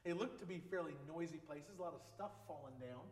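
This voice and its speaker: A man's voice: on the high side, fast. A man preaching an informal sermon as a pastor, speaking conversationally with joking asides. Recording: echoey hall with long reverb.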